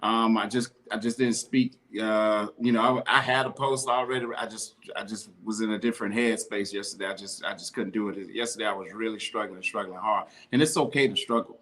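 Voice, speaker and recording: A man's voice: on the low side, steady tone, brisk, hardly any pauses, a bit bright. A man co-hosting a podcast, talking in a heartfelt, slangy, casual way. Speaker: podcast co-host.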